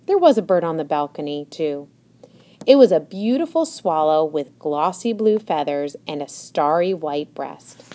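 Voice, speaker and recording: A woman narrating a children's storybook in a gentle storytelling manner. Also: fairly low pitch. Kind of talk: scripted narration.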